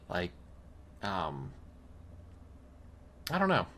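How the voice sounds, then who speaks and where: A man's voice: mid-range voice, sing-song, normal speed, pauses often. A young man co-hosting a podcast, telling stories in casual chat, swearing and laughing often. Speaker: podcast co-host.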